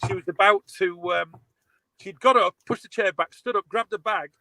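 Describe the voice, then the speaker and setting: A man's voice: high-pitched, normal speed, slight background noise, low-quality recording. A man, animatedly telling a story over a video call. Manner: animated storyteller, laughs often. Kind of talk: casual video call chat.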